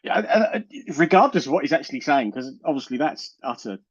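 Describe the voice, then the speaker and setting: A man's voice: fairly high pitch, animated, fast, slightly rough. Guy hosting a chat stream, blunt, rambly, keeps restarting, muffled call audio. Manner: rambling, self-interrupting, blunt. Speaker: show host. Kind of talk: casual group chat on a live stream.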